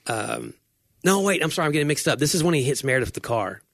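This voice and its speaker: A man's voice: fairly high pitch, very animated, fast talker, a bit bright, no echo. Dry-sounding man telling rambling stories. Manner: rambling storyteller, acts out quotes. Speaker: podcast co-host. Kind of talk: casual chat.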